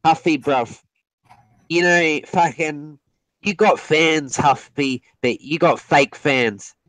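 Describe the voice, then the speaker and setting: A man's voice: a little high, takes it slowly, fairly bright tone, no echo, rough recording. Man from australia, rowdy, insulting, dry close sound. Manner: rowdy, insulting, talks over others. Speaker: livestream guest. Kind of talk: casual livestream chat.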